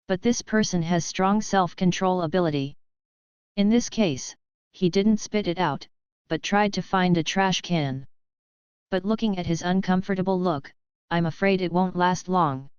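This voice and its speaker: A woman reading an audiobook novel aloud in an even, steady scripted narration. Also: lowish voice, measured pace, smooth, no echo, highs cut off.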